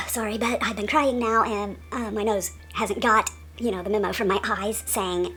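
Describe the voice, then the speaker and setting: A woman's voice: mid-range voice, fairly even intonation, normal speed, pushed and bright. A middle-aged woman beauty vlogger joking around, teasing and mock-dramatic. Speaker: beauty YouTuber. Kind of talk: playful vlog blooper chatter.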